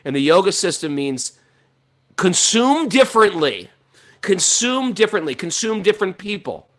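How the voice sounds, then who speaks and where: A middle-aged man talking in a casual, animated way about spiritual life, laughing often as he tells stories. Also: high voice, normal speed. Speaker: podcast host.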